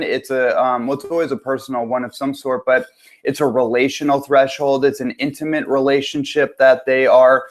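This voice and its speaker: Upbeat man hosting a live webinar. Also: medium pitch. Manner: upbeat, repeatedly greeting and checking the audio. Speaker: transformation coach hosting a webinar.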